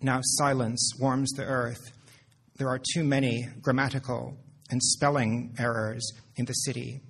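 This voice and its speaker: A man, a poet, reading his own poetry in a measured, deadpan recitation. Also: mid-range voice, gravelly, husky.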